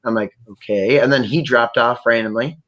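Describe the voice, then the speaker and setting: A man from Canada hosting a podcast, talking in a rambling, profane, animated way. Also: mid-range voice, normal speed, highs cut off. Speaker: podcast host. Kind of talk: casual chat.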